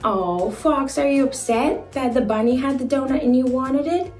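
A woman hosting a toddler learning video, speaking in a sing-song, encouraging way with slow, clear words, in an echoey room with faint music. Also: high-pitched, darkish tone. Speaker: children's show host.

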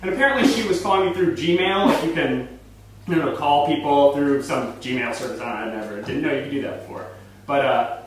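A young man telling a funny story live on a theater stage, chatty and animated. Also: a little high, fairly quick. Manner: animated, chatty, full of fillers and restarts. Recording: echoey live stage recording from far off.

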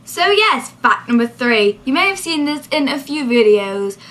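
A woman's voice: sits high, big pitch swings, normal speed, fairly bright tone. A woman chatting casually with a friend as a vlogger, giggly and playful.

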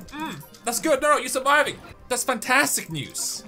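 A young man giving commentary on a mobile game, swinging from low muttering to frustrated yelling. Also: very animated, moderate pace, hardly any pauses, faint music behind. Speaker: gaming YouTuber.

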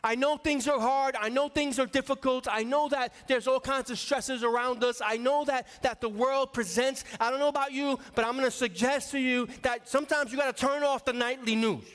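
A man's voice: very high-pitched, steady tone, normal speed, few pauses, a bit bright. A man in his forties from the New York area, an associate pastor preaching a sermon in a conversational, storytelling way and calling out to his congregation. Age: 40s. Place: church sanctuary. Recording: long reverb of a church hall.

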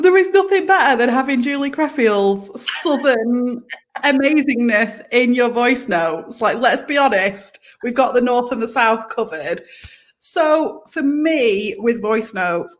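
A woman from northern England, a business coach guest in a casual chat, emotional and animated, laughing easily. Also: fairly high pitch.

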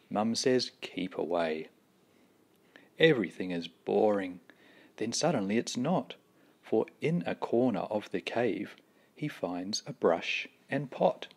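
A man with a low voice reads a children's picture book aloud. He takes his time, pausing deliberately and giving the rhyming lines an expressive, storyteller's lift. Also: breathy edge. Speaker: storybook reader.

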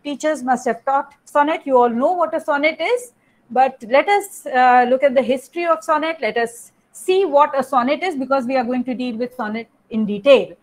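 A woman's voice: sits high, moderate pace. A woman teacher with an Indian English accent giving an online lecture, explaining step by step, repeating phrases and often adding "you know" and "okay".

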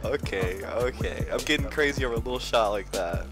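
A young man giving excitable gameplay commentary, swinging between mumbling and yelling. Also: medium pitch, brisk, hardly any pauses. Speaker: gaming video creator. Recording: trap beat playing underneath. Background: background hip-hop music.

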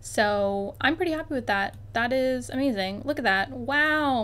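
A woman's voice: high-pitched, measured pace, fairly bright tone. A young woman chatting casually while playing a life-sim game, bubbly and exclaiming, often talking straight to the objects on screen. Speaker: gaming YouTuber. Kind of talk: casual gameplay commentary.

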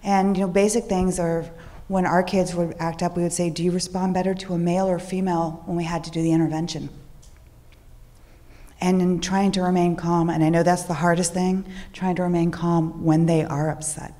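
A woman speaking as a social worker on a panel, in a calm, soft, steady voice. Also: fairly low pitch, brisk, big-room sound. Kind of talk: panel talk.

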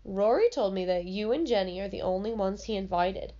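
A woman's voice: medium pitch, lively intonation, a little fast, mellow, natural voice. A woman voicing a teasing little girl in a sing-song way, read from a storybook in a slightly muffled recording.

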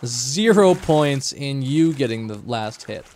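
A man's voice: mid-range voice, lively intonation, slow, a little mellow, slight background noise. A man streaming a game live, chatting and joking with his co-player and chat. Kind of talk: casual livestream gaming chat.

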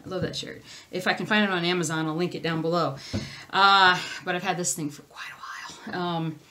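Lady rambling to camera about her stitching, loses her train of thought, voice a bit on the low side. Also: steady tone, a little fast, sharp tone, a little hiss or hum. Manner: rambling, easily sidetracked, chatty. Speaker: cross-stitch channel host. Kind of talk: casual chat to camera.

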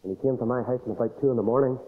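A man preaching a sermon, telling a story as he goes and swinging between loud emphasis and quiet asides. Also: mid-range voice, rapid-fire. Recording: tinny phone-like sermon recording.

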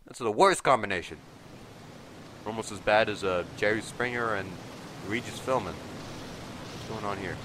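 A teenage boy with a nasal, stuffy voice from allergies, giving excitable let's play commentary and yelping at sudden moments. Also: measured pace, long pauses, background noise. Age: teens. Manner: excitable, yelps and shouts in sudden pitch jumps. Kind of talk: casual gameplay commentary. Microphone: desk mic resting on a table.

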